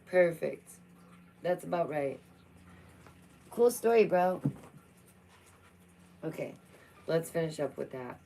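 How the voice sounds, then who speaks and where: Chatty young woman with a low voice. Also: expressive, takes it slowly, creaky, pauses often, mellow, low-quality recording. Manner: playful, chatty, talks to her cat between reading. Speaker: vlogger. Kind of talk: casual chat reacting to news.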